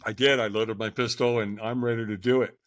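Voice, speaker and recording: A man's voice: lowish voice, a little fast, no echo, clean studio sound. Older man telling his story candidly. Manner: candid, animated when acting out others. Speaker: podcast guest. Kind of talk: conversational storytelling.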